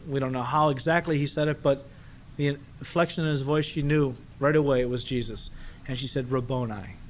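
A man preaches a sermon in a loose, conversational way, often turning to rhetorical questions. His voice sits fairly high for a man, and a faint background noise stays under it. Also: fairly even intonation, moderate pace. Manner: conversational, asks rhetorical questions, acts out the people in the story. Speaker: pastor.

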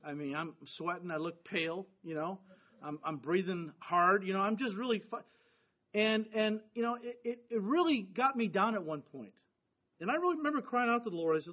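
Preaching to his congregation, a middle-aged pastor from the United States talks in a high voice at a slightly fast pace. His tone is earnest and conversational, captured on a dull, lo-fi recording.

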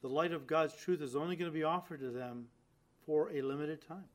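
A man delivering a sermon in a voice pitched a little above the usual for men. He hits key words hard and lets his phrases sink to quiet, low endings. He speaks straight to his listeners and acts out the lines he quotes. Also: a little fast. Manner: emphatic, swings from loud stresses to quiet low endings. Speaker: preacher.

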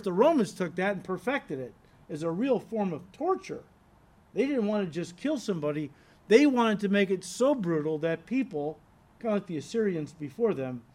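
A man's voice: sits high, darkish tone. A pastor preaching an expository sermon, earnestly reading scripture and explaining it to his congregation. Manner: earnest, emphatic teaching, addresses listeners as "guys"; reads scripture aloud and explains it.

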